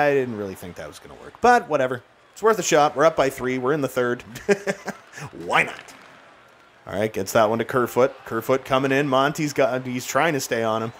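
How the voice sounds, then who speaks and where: A man doing excited, jokey play-by-play commentary while playing a hockey video game. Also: medium pitch. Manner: excitable, jokey, bursts into shouts and laughs. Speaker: gaming YouTuber.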